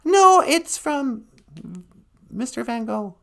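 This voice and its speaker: A man voicing a female studio assistant who briskly announces a phone caller. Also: very high voice, lively intonation, creaky, fairly bright tone, pitched above the performer's own voice, exaggerated voice. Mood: chirpy.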